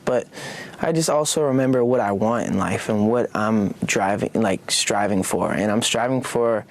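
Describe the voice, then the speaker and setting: A young man talking in a casual, halting way as an interview guest, full of fillers and restarts. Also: on the low side.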